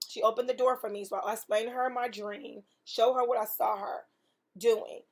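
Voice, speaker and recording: A woman's voice: a little high, steady tone, moderate pace. A woman hosting a faith podcast, telling a testimony in an earnest, emphatic way with preaching repetition. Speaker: podcast host.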